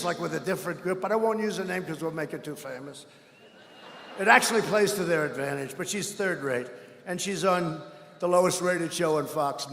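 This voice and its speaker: A man giving a rambling, boastful campaign rally speech, often breaking into shouts. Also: high voice. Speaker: political speaker at a rally. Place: large rally hall. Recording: echoey hall with long reverb.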